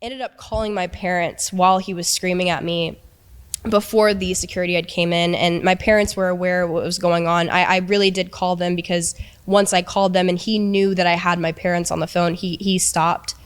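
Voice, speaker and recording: A young woman recounts a painful experience in a halting, hesitant way. Her voice sits low for a woman and sounds smooth and clear. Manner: halting, hesitant, with many restarts. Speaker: person telling her story in an interview. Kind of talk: emotional personal account.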